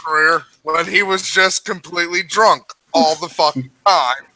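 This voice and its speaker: A man's voice: a little high, a little slow, bright, forceful tone, poor audio. A man co-hosting a podcast, swearing and joking in casual banter on a close mic. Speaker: podcast co-host. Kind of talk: casual chat.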